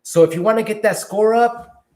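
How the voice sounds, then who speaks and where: A man's voice: high-pitched, moderate pace, warm tone. Laid-back man in an echoey room. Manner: laid-back, reads viewer questions aloud and answers them. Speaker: livestream host and delivery driver. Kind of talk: casual livestream Q&A.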